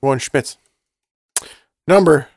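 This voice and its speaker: A man co-hosting a casual podcast, joking around and quick to laugh during a drinking game. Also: on the high side. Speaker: podcast co-host.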